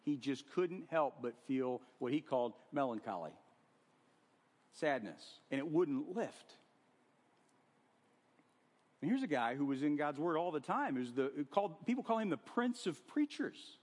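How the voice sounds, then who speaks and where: A man preaching a sermon to a congregation, animated and conversational, acting out scenes with sudden swings in loudness. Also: a little high, a little slow, long pauses. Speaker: pastor. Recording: long hall reverb.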